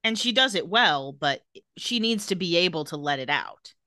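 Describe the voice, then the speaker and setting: Bright animated woman podcast host. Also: fairly low pitch, no room sound, clean studio sound. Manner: animated, laughs often, quotes characters in quick voices. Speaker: podcast co-host recapping a TV episode. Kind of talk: casual chat, retelling scenes.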